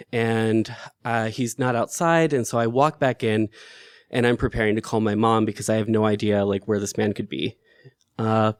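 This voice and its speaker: A man's voice: fairly low pitch, no room sound, clean studio sound. A man telling an emotional true story about his own life in an earnest way. His voice lifts sharply when he grows upset. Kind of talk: personal storytelling.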